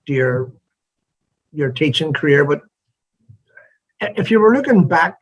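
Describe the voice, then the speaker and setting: Husky interviewer. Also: male voice, fairly high pitch, animated, unhurried, poor audio. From Northern Ireland. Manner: earnest, searching questions with restarts. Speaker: interview host. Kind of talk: conversational interview.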